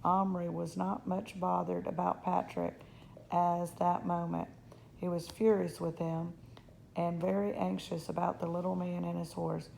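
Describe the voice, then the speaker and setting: A woman reading a children's novel aloud in steady storytelling, now and then slipping on a word. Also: on the low side, unhurried, creaky, a little hiss or hum, low-quality recording. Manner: steady storytelling, slips on words. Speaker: reader.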